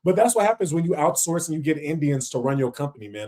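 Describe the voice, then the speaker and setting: A man's voice: on the high side, quick pace, few pauses, warm tone. Slangy man ranting on livestream. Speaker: livestream host reacting to videos. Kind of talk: casual livestream reaction commentary.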